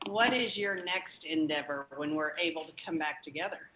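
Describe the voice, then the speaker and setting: A woman's voice: low voice, normal speed, a bit bright, slight background noise. A woman host in a casual interview, telling a story in a chatty way. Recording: roomy echo.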